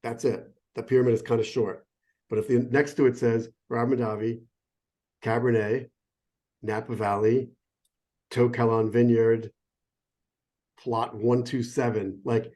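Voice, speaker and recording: A man's voice: medium pitch, dark tone. Chatty digressive middle-aged sommelier man. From United States. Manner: enthusiastic, digressive, self-interrupting. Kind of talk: casual explanatory chat. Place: phone or remote call.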